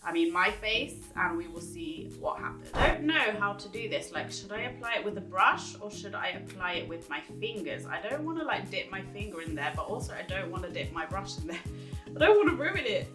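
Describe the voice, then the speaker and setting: A woman's voice: medium pitch, animated, a little fast. A woman giving a casual makeup review in a chatty, giggly way, rambling with fillers as she talks at her table. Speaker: beauty vlogger. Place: indoors at a table, echoey room. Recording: echoey room, voice from a distance, music behind.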